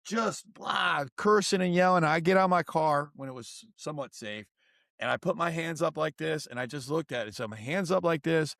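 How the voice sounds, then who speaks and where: A man's voice: fairly high pitch, a little fast, gravelly, no room sound, clean studio sound. A middle-aged man, a guest author and coach, explaining a model and telling stories in a podcast interview. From United States. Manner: energetic, instructive, tells stories.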